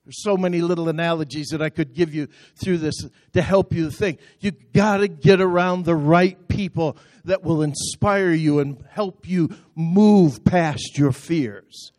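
A man's voice: fairly high pitch, a little slow, few pauses, a little mellow, no echo. A middle-aged male pastor preaching a sermon in a church, impassioned and building into call-and-response. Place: church auditorium.

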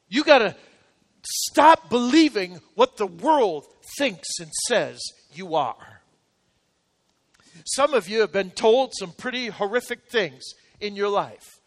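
Male pastor, high voice, echoing church hall, hammering sermon points. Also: big pitch swings, slow pace, pauses often, a bit bright. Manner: emphatic, repetitive exhortation.

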